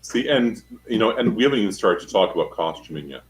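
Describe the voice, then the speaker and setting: Very deep-voiced man coaching speech. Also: animated, fast talker, low-quality recording. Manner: emphatic, explains with spoken examples. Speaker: studio guest and speaking coach. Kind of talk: instructive studio chat. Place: talk show studio.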